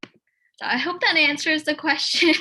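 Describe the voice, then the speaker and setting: A woman's voice: high-pitched, unhurried, pushed and bright, low-quality recording. A woman from North Carolina, speaking hesitantly as a panelist in a discussion. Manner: hesitant, many fillers and restarts.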